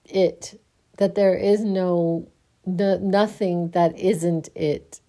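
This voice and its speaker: Slow, sleepy woman musing softly. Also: on the low side, fairly even intonation. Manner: slow, halting, restarts often, soft laughs. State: sleepy, yawning. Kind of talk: casual spiritual musing.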